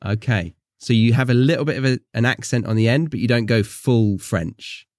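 A man's voice: mid-range voice, moderate pace, darkish tone, no echo, clean studio sound. An English man hosting a podcast, casually asking his guest curious, probing questions. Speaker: podcast host. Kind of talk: casual interview chat.

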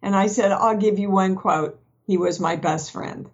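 A woman's voice: mid-range voice, normal speed. A woman, a guest actress in a candid podcast conversation, talking frankly and acting out remembered dialogue. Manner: frank storyteller, acts out quoted dialogue. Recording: dull lo-fi podcast audio.

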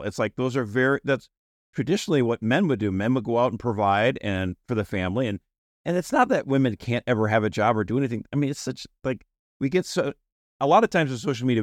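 A man co-hosting a casual panel podcast, animated and quick to laugh, acting out quotes as he talks. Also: mid-range voice, dry recording, clean studio sound. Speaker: podcast co-host.

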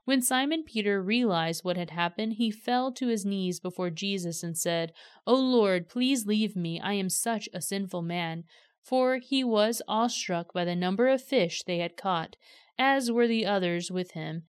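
A woman reading scripture aloud in a steady, measured storytelling manner. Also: mid-range voice, smooth, no echo, clean studio sound. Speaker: scripture reader.

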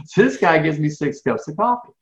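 A man's voice: on the high side, a little fast. A man telling stories in an interview, acting out dialogue with lots of repeated words. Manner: animated storyteller, acts out dialogue, repeats words. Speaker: professional speaker, guest. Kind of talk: storytelling interview answers. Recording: echoey, dull lo-fi audio.

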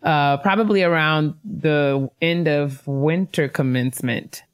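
A woman's voice: deep voice, a little slow, smooth. A woman co-hosting a casual podcast, reading listener emails and congratulating graduates with easy laughter. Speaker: podcast co-host.

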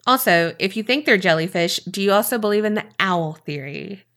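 A woman co-hosting a podcast, relaxed and agreeable in casual chat. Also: mid-range voice, brisk. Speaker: podcast co-host.

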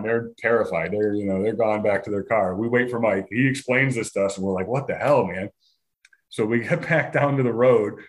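A man spinning a hiking story for a podcast, loose and casual. He laughs often and slips into quick acted voices of the people in his tale. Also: mid-range voice. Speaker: podcast guest.

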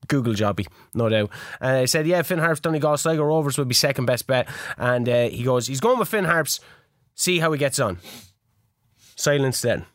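A man's voice: medium pitch, a bit bright, no echo, studio quality. A man, co-hosting a podcast, telling a story in casual chat, swearing and laughing often. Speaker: podcast co-host.

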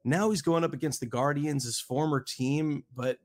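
A man hosting a casual podcast, lively and animated, acting out both sides of imagined conversations. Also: fairly high pitch, moderate pace. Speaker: podcast host. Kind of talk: casual podcast chat about pitching stats.

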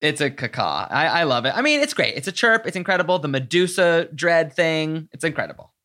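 Female podcast host, low and animated, laughs easily. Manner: giggly, quick with agreeing backchannels. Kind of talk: casual chat.

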